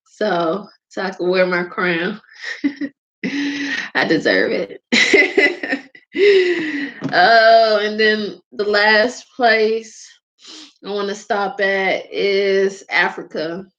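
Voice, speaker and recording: Female host from Georgia with a Southern accent, mid-pitched, unhurried, chatty and laughing, on a muffled low-fi recording. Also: fairly bright tone. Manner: rambling, laughs often, drawn-out words. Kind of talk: casual chat.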